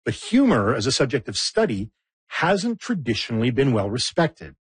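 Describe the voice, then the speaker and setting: Male documentary host, husky and animated, with dry close sound and wry humor. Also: medium pitch, normal speed, no echo. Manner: playful, wry asides. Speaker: host and narrator. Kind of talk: scripted documentary narration.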